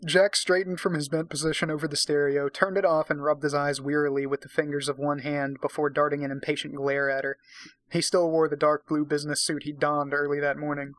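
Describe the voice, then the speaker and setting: A man's voice: fairly high pitch, flat delivery, fairly quick, a bit bright, no room sound. A man giving a drunken dramatic reading of a romance novel, breaking off for profane, sarcastic asides. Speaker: reader and commentator.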